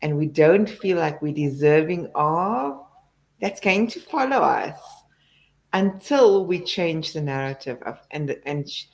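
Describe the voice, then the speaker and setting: A woman's voice: sits low, darkish tone, low-quality recording. A woman hosting an interview, reflective and affirming. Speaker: host. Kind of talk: conversational interview.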